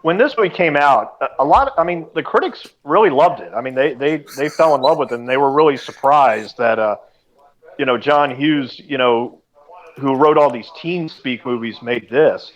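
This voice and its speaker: A man's voice: medium pitch, animated, moderate pace, poor audio. A man chatting casually during a movie commentary, laughing often.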